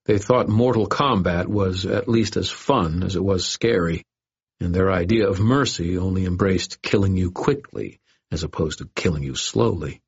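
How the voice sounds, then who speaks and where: Deep, husky male audiobook narrator. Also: moderate pace. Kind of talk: scripted first-person narration. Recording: dull lo-fi audio.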